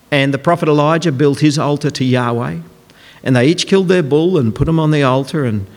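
A man preaching a sermon in a conversational, emphatic way, acting out quotes as he goes. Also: mid-range voice. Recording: long hall reverb.

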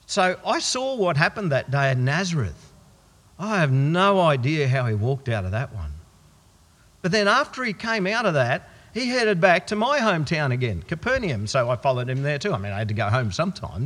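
A man's voice: fairly high pitch, fairly bright tone, breathy edge, exaggerated voice. Man playing an amazed Australian follower. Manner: folksy, conversational storytelling. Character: plain-spoken male follower of Jesus, amazed. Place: church. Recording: long church reverb.

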